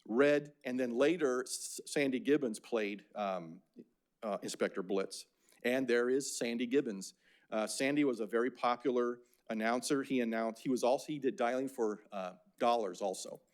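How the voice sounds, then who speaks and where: A man's voice: medium pitch, normal speed. An older man from Phoenix giving a casual, anecdotal lecture about slides, with many fillers and restarts. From Phoenix, Arizona.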